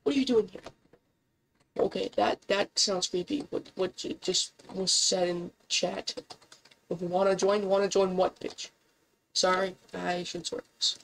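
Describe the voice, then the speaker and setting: Excitable woman swearing through gameplay. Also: a little slow, creaky, slight background noise, low-quality recording. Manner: excitable, swearing, incredulous, often jumps up in pitch. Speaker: gameplay commentator. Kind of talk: casual gameplay commentary.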